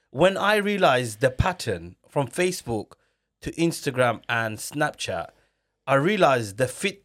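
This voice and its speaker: A mid-pitched male podcast host chats casually, telling stories in an animated, slangy way and breaking into quick laughs.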